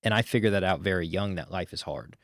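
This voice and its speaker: Deep-voiced man in his thirties, energetic. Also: quick pace, no echo, clean studio sound. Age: 30s. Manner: energetic storyteller, swears casually. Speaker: sales closer, podcast guest. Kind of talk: casual interview talk.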